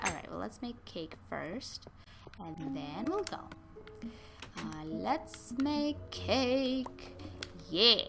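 A woman's voice: medium pitch, a bit bright, slight background noise. Chatty woman narrating her game. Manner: chatty, talks to animals in game, sudden squeals and whispers. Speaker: gaming channel host. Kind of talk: casual let's-play commentary.

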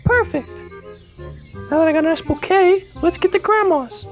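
A woman's voice: very high voice, normal speed, faint music behind. A woman voicing Little Red Riding Hood, a cheerful young girl who hums in a sing-song way, in a homemade cartoon. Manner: chirpy, sing-song humming.

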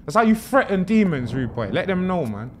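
A young man giving excitable, swearing, joking commentary while streaming a horror game. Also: high voice, brisk, a little hiss or hum. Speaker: gaming streamer. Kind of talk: horror let's-play commentary.

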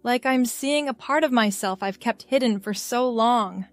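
A woman voicing a shy, nervous young man who speaks in a hushed, hesitant way. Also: on the high side, moderate pace, dry recording, faint music behind, natural voice. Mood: awed.

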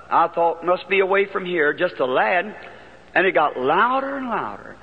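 A man's voice: high voice, husky. A man preaching in a large auditorium, telling a childhood story in a folksy, earnest way on an archival recording. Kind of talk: sermon testimony storytelling. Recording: dull archival 1950s sermon recording in a long-echo hall.

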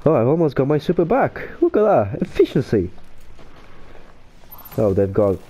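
Recorded with lo-fi sound, this young man's husky, medium-pitched voice moves at normal speed as he commentates live on his shooter match. The gaming YouTuber is excitable, calling out kills and deaths and describing his own moves.

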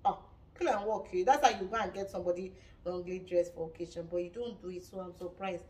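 A woman with a Nigerian accent giving a lively, dramatic gossip review of a reality show, laughing often. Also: fairly low pitch, fast, distant mic. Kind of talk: casual gossip commentary.

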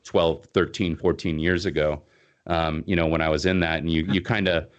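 A man hosting a podcast interview, telling a personal story in a casual, animated way. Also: low-pitched, normal speed, muffled recording. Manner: animated storyteller, acts out quotes, laughs. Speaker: podcast host.

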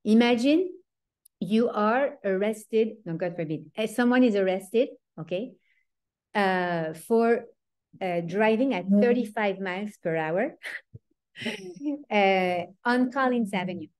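A woman with a French accent teaching an informal online class over a video call, chatty and animated, often breaking into laughs. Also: mid-range voice, takes it slowly. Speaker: teacher of a weekly Torah class.

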